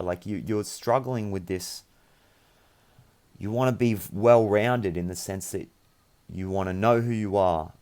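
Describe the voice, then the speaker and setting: A young man with a somewhat low-pitched voice reads tarot cards for his viewers. He talks in an earnest, meandering manner, offering encouragement and spiritual reassurance. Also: darkish tone. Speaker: tarot reader.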